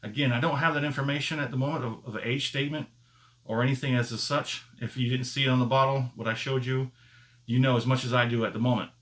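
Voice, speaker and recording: A man hosts a casual whiskey tasting video, speaking straight to his viewers. He thinks aloud as he goes, unhurried and easygoing. He often pauses and restarts while he hunts for the right word. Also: mid-range voice, steady tone, fairly bright tone. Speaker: whiskey reviewer and channel host. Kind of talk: casual tasting review to camera.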